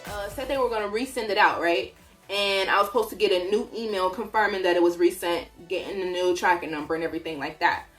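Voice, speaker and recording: A woman's voice: mid-range voice, fast talker, a bit bright, soft background music. A woman vlogger telling a story in a casual way, acting out her own reactions as she goes.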